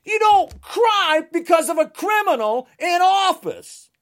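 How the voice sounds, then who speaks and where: Brief: heated woman ranting, high-pitched and swinging wildly, shouts now and then. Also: very animated, slow. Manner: angry, ranting, at times shouting. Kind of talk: political rant.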